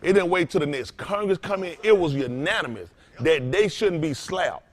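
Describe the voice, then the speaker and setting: Preaching man, emphatic and loud. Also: fairly high pitch, expressive, moderate pace. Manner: loose, emphatic, rising to loud bursts. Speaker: pastor. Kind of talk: preaching to a congregation.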